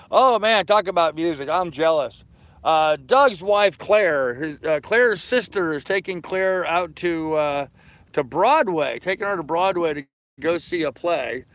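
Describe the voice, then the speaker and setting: A man's voice: a little high, animated, slow pace, fairly bright tone. A tired man in his fifties chatting casually on a live stream from his anchored sailboat, rambling easily and answering viewers' comments. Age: 50s. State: tired, yawning. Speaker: sailing vlogger reading live chat.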